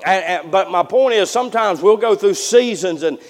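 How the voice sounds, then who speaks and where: A male preacher with a notably high voice delivers a folksy sermon, stumbling through repeated "and, and" restarts. He drops to near-whispers and then climbs back to loud, ringing passages. The recording carries the long reverb of a church sanctuary. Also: expressive, moderate pace. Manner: folksy, repetitive restarts, swings from hushed to loud. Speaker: pastor.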